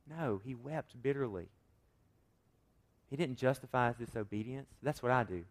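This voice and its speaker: A man preaching a sermon, swinging from loud emphatic points to quiet asides and asking his listeners rhetorical questions. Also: medium pitch, moderate pace, pauses often. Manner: acts out quoted voices with rhetorical questions. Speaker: pastor.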